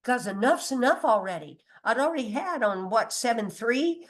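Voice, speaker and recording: A woman with a slightly high, sing-song voice talks at a moderate pace with hardly any pauses during an informal spiritual teaching. She's emphatic and chatty, laughs often, curses mildly, and sometimes loses her place or reads from notes.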